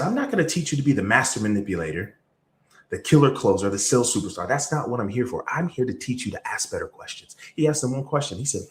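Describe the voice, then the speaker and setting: A man giving a motivational sales talk, telling a story with lively energy and sudden jumps in pitch. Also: quick pace, reverberant. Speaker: sales trainer. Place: event room or video call.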